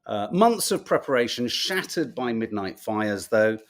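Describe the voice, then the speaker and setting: A man's voice: mid-range voice, sing-song, a little slow. A man hosting a podcast, reviewing the papers in a chatty, wry, sarcastic way and musing aloud as he goes. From Britain. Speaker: podcast host. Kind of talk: casual newspaper review chat.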